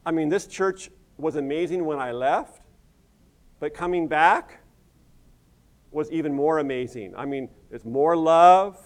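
A middle-aged man from the United States preaching to a congregation. He talks in a chatty, folksy way, tossing in asides as he goes. His voice sits a little higher than most men's. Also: measured pace. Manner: conversational, folksy, with asides like "you know". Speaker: pastor and missions director. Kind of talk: sermon.

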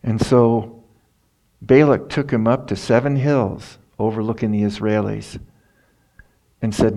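A middle-aged man preaches in a folksy, storytelling way. His low, gravelly voice takes its time, and he drops into casual asides. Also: steady tone, a little slow, dark tone. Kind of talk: sermon.

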